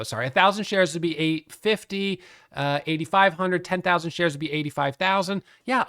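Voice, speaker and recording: A middle-aged man explaining a trading topic in a casual, animated way, laughing often as he tells the story. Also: on the high side. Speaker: day trading educator.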